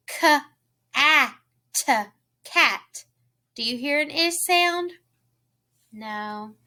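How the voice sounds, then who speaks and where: A woman teaching a phonics lesson to young children, slowly sounding out letters and words and asking simple questions. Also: sits high, creaky, sharp tone. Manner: asks the listener simple questions.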